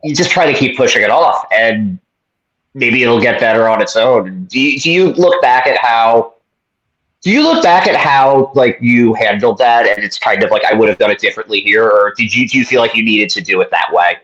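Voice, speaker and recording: A man co-hosting a baseball podcast, asking halting, repeated questions and dropping in supportive reactions. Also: mid-range voice, animated, fairly bright tone, dull audio. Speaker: podcast co-host. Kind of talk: casual interview chat.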